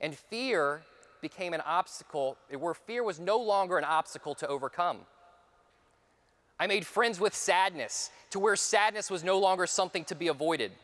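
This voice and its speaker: Guy speaking at a conference, kinda high voice, big echoey hall, dramatic storytelling. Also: lively intonation, moderate pace, a bit bright. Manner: dramatic storytelling, dropping to near whispers for repeated phrases. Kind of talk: personal story speech.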